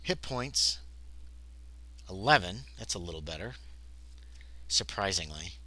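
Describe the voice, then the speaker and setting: A man's voice: low voice, expressive, unhurried, bright, forceful tone. A man livestreaming a solo tabletop game, reading the game text aloud and chatting casually in between. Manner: reads game text aloud, then chats casually to himself and chat. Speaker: solo game player, streamer.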